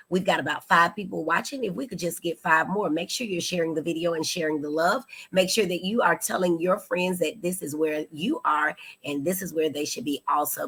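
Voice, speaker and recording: Woman host of a live show, low and raspy, upbeat and chatty with viewers. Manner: animated, chatty, greeting viewers. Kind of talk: live-stream talk show. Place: studio.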